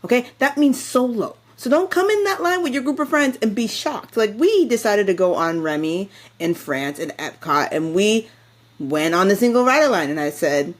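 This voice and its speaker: A young woman co-hosting a podcast, chatting casually and acting out what people said in a higher voice. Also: normal speed. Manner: animated storytelling, acts out quotes in a higher voice. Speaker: podcast co-host. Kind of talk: casual chat.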